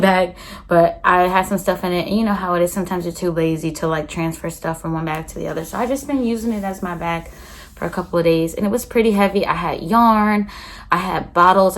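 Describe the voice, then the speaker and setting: A young woman chatting casually to her phone camera in a rambling vlog, full of fillers. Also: medium pitch. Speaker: vlogger. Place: outdoors on a walk, then at home.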